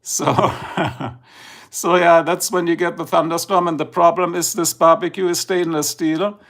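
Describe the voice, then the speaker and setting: Gravelly German-accented man, chatty. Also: on the high side, level tone, unhurried, a bit bright. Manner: chatty, rambling, switches between English and German. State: just woken up. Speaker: livestream host. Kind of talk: casual livestream talk.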